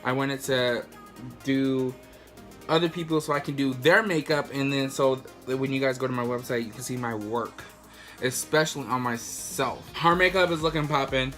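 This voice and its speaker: Bright-voiced chatty man doing makeup. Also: mid-range voice, moderate pace, faint music behind. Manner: chatty, slangy, talks while working. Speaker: makeup vlogger. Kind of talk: casual makeup tutorial talk.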